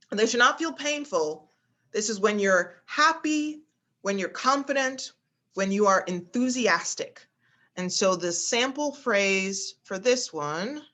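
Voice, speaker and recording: A woman speech instructor guiding a class over a video call, talking through breathing and resonance with plenty of fillers. She breaks into bright, high exclamations to demonstrate the head voice. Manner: demonstrates pitches with exaggerated exclamations, frequent fillers.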